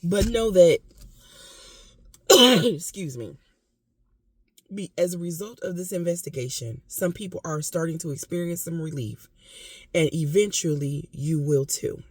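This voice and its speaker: Husky, fervent vlogger. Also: medium pitch, moderate pace, warm tone, no echo. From United States. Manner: fervent, repetitive, emphatic. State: occasional coughing from asthma. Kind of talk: impassioned casual commentary.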